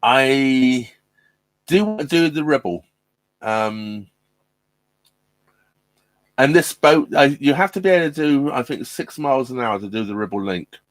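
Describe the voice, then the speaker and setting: A man's voice: mid-range voice, animated, unhurried, pauses often, no echo. A middle-aged man chatting casually on a live stream from inside his narrowboat, hesitant and full of ums and restarts. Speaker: vlogger hosting a live stream. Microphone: laptop mic.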